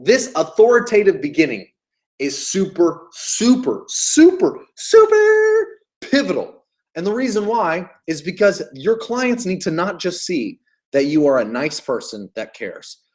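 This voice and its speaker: A man coaching on sales with big swings in pitch that give his talk an animated, lively sound. He hammers home key phrases by repeating them and swears freely, keeping the energy high throughout. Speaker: business coach.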